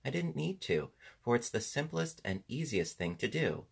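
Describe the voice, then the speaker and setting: A man's voice: mid-range voice, big pitch swings, normal speed, gravelly, husky, voice pushed up, full character voice. A man voicing a simple-minded, cheerful wooden man with a pumpkin head, speaking in a naive, earnest, raised voice.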